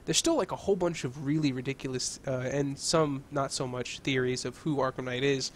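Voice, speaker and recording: A man's voice: medium pitch, a little fast, slight background noise. Young man in profane casual game chat. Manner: loose and profane, laughs easily, excitable. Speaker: gaming channel co-host.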